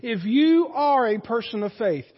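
High-voiced man preaching in a hall. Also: lively intonation, a little slow, breathy edge. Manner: folksy storytelling preacher, rising to loud emphasis. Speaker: pastor. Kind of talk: sermon. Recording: dull sound with long hall reverb.

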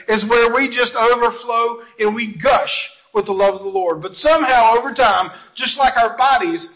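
A man with a high voice preaches a sermon in an earnest, conversational way, full of asides to his congregation. The recording sounds dull and lo-fi. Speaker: pastor.

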